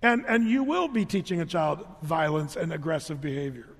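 Brief: male pastor, lighter high voice, lively conversational sermon with humorous asides, long hall reverb. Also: moderate pace. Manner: animated, conversational, joking asides. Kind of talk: storytelling sermon.

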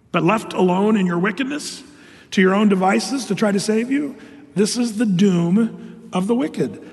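An older man preaching a sermon as pastor, reading scripture and answering imagined objections in an animated way. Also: sits high, big-room sound.

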